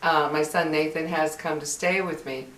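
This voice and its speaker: A woman's voice: low voice, fairly even intonation, normal speed, fairly bright tone, distant mic. A middle-aged woman vlogging at home, talking candidly and emotionally in a chatty way and laughing often. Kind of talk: personal vlog chat. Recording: echoey room, voice off mic.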